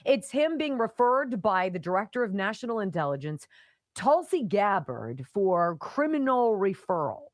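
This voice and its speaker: A female talk radio host from the Pittsburgh area, speaking in a lively voice that swings up and down and laces her monologue with sarcasm. The sound is dry and close, with no room around it. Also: mid-range voice, moderate pace, dry recording. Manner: animated, sarcastic, mocking asides.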